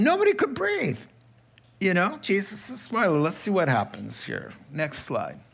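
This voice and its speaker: A man preaching a sermon, telling a Bible story with lively acted-out quotes and asides. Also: a little high. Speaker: pastor.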